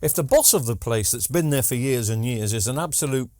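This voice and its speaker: A man's voice: medium pitch, fairly quick, darkish tone, slight background noise. A man, rambling casually through a TV repair vlog with joking asides and lots of ums. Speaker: TV repair vlogger. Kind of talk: casual chatty workshop vlog.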